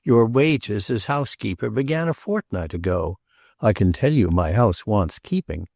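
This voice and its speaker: A man voicing a brash, cheerful self-made gentleman who talks heartily. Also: fairly low pitch, very animated, normal speed, no echo, clean studio sound. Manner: hearty, jovial.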